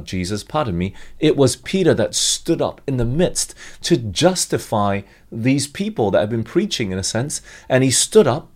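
A man's voice: mid-range voice, a little mellow. A middle-aged man preaching a sermon, asking the congregation questions and reading scripture aloud.

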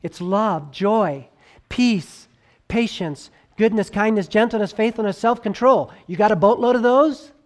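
A pastor, male, preaches with dramatic swings from loud, insistent highs to quiet lows. He draws out important words slowly, adds conversational asides, and sometimes stammers and starts over.

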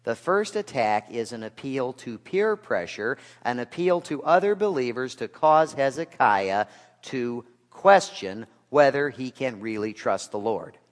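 A man's voice: medium pitch, animated, a little slow. Man preaching in a reverberant hall. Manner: rhetorical questions, dry asides, swings between loud and hushed. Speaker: pastor. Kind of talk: sermon. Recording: long reverb of a large hall.

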